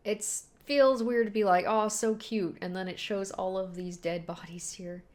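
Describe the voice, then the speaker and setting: A woman's voice: medium pitch, moderate pace, darkish tone. A woman casually reading a manga aloud and reacting to it, chatty and laughing often. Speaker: manga read-and-react host.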